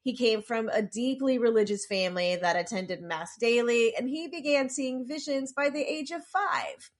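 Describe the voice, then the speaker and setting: A woman's voice: on the high side, moderate pace. A woman co-hosting a podcast, chatting casually and reading background notes aloud with apologetic asides. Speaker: podcast co-host.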